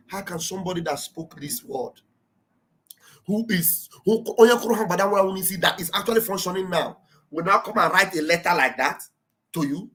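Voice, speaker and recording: A Nigerian man giving live political commentary, animated and mocking, often laughing and mimicking others, with a preacher-like fervor. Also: high voice, unhurried, low-quality recording. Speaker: livestream commentator.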